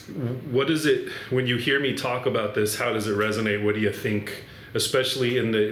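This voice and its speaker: Laid-back low-voiced man hosting. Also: a bit bright, slight background noise. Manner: loose and joking, reads prepared text aloud. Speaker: podcast host, sports mental coach. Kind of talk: casual chat. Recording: echoey room.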